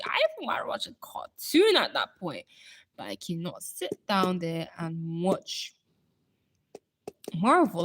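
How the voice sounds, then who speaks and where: A woman's voice: medium pitch, fairly bright tone. A young woman hosting a casual live stream, chatting with viewers and laughing often. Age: young adult.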